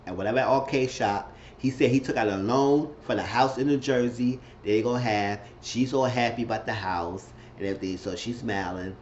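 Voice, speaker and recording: A man's voice: medium pitch, fairly quick, few pauses, highs cut off, slight background noise. A man casually recapping a reality show episode, repeating himself and acting out what the cast said. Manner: chatty, repeats himself, acts out quotes in shifting voices.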